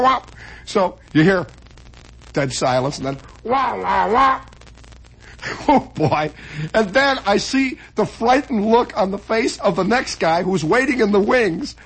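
A man with a husky, rather high voice tells a comic backstage story. He swings from hushed asides to loud bits of mock performance, and his pitch jumps around freely. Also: rough recording. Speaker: comedian telling a stage story.

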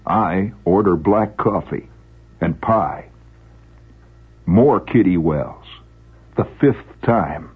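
A man's voice: low-pitched, extremely slow, pauses often, husky, phone-quality sound. A man telling a first-person story in a wry, vivid way.

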